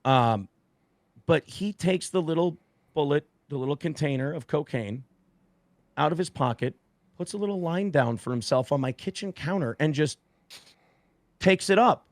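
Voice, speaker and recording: A man, a guest on a talk stream, telling a story in a casual, profane, animated way and acting out the quotes. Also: fairly high pitch, normal speed, long pauses, no room sound.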